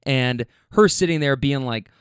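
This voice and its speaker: A man's voice: medium pitch, a little slow, clear, resonant tone, no echo, studio quality. A man who drives for a rideshare service, telling stories from his rides in a casual, laid-back way, swearing freely and talking straight to the listener. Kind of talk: casual storytelling.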